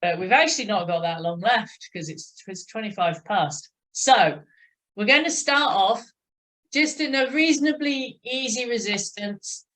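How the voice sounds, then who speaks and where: A woman leading a cycling exercise class, encouraging riders and counting out a steady tick-tock rhythm. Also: on the high side, measured pace. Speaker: cycling instructor.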